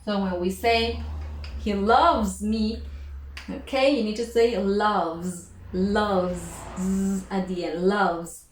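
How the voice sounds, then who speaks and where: A woman teaching English pronunciation, repeating each word and sound slowly and carefully. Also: mid-range voice. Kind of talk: pronunciation lesson. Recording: echoey room, faint noise.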